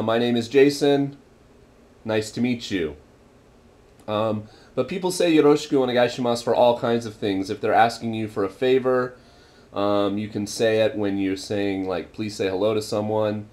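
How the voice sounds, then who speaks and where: A man's voice: fairly low pitch, darkish tone. Rambling young man teaching phrases. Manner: rambling, many ums, repeats phrases for practice. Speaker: vlogger teaching Japanese phrases. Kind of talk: casual explanatory vlog.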